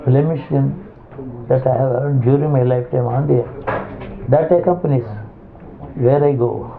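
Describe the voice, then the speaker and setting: A man giving a spiritual discourse as a teacher, halting and restarting as he searches for words. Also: mid-range voice, fairly even intonation, creaky, crowd noise. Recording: tinny phone-like lo-fi recording with faint hiss.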